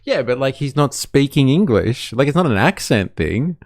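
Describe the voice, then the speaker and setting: A man's voice: mid-range voice, big pitch swings, moderate pace, no room sound, studio quality. A man hosting a live stream and reacting to clips, sarcastic and laughing as he talks to his chat. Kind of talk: casual reaction commentary.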